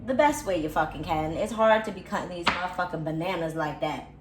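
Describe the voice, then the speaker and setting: A woman's voice: lowish voice, a little fast. A young woman, cooking at home in a casual vlog, complaining dramatically, swearing, and talking to her viewers. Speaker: vlogger. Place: home kitchen. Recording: echoey room with faint background noise.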